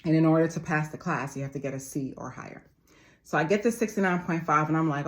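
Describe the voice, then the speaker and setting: Low-voiced woman in her forties, motivating. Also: fast talker. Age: 40s. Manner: emphatic, repetitive, addresses viewers as family. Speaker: motivational speaker. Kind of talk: motivational monologue.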